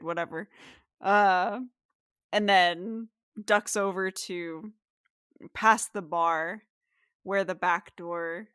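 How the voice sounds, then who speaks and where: A woman runs a tabletop game, narrating slowly and calmly. Her voice is bright and clear, and the recording is close and dry with no echo. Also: medium pitch. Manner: relaxed and unhurried, with frequent fillers. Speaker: game master.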